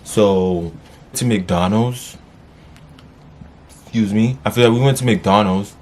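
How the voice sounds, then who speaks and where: A man vlogging, wrapping up a story time in a casual, cursing way with sudden high yelps. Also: takes it slowly, darkish tone. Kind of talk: story time, then sign-off.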